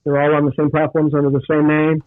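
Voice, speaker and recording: A man's voice: on the high side, completely flat delivery, quick pace, dry recording. Man on a tinny phone line. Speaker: guest rapper. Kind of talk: casual chat.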